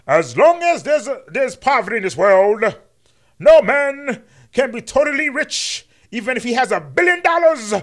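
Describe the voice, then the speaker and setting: A man doing an impression of a grand, rousing preacher-orator, speaking in a swelling sermon cadence with drawn-out words. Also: extremely high pitch, sing-song, fairly bright tone, voice pushed up, exaggerated voice. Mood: orating.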